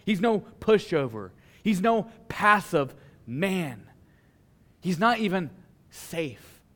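A male pastor delivering a sermon in a voice that sits fairly high for a man. He leans on dramatic pauses and swings between hushed, low passages and forceful declarations. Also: big pitch swings.

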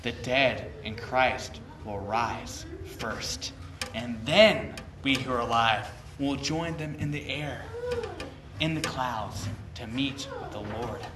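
A man preaching a sermon, swinging from loud, emphatic bursts to hushed, slow lines. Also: medium pitch, expressive, background noise. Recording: echoey room, voice picked up from a distance.

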